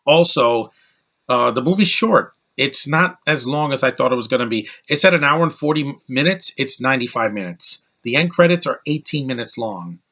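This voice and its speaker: A man with a bright, forward voice talks through a movie review in a loose, casual way. He stumbles, restarts and fills gaps with filler words as he goes. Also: mid-range voice, expressive, moderate pace. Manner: rambling with many fillers and restarts. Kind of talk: casual spoken film review.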